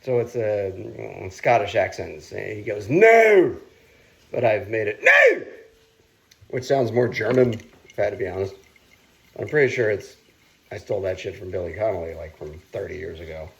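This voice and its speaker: A man cooking and chatting on his own vlog, rambling and swearing freely, with sudden loud outcries. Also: fairly low pitch, fairly even intonation, a little fast, vocal fry. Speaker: cooking vlogger.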